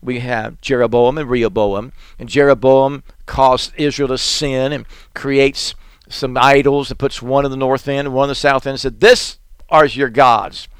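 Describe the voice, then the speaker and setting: A man's voice: mid-range voice, level tone, moderate pace, smooth, no room sound. Man preaching in rhythmic sermon cadence. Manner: rhythmic, repetitive preaching cadence, swelling and dropping in volume; chanting litanies and reading scripture aloud.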